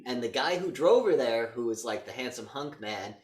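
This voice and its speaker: A man co-hosting a podcast walks through a movie's plot in loose casual chat, jumping into quick impressions of the characters. His pitch swings widely as he talks. The sound is roomy, and the mic sits a little away from him. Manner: animated retelling with quick voice impressions. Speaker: podcast co-host. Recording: roomy echo, mic a bit distant.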